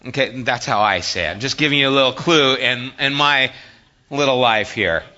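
A man preaching a sermon, conversational and animated, moving between hushed reflection and emphatic asides. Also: medium pitch, normal speed, dull audio. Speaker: pastor.

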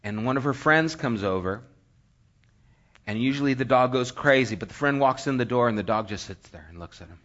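A man preaching, telling a lively story and acting out scenes, sometimes sinking to a hushed near-whisper. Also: medium pitch, fairly quick, dull audio. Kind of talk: sermon storytelling.

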